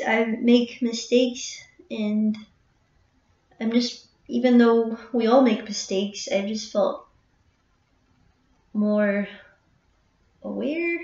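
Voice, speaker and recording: A woman musician in a halting, reflective personal monologue, emotional and full of pauses and fillers. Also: on the high side, fairly even intonation, a little mellow. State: emotional, near tears at times. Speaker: harpist and channel host. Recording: roomy, distant, dull recording.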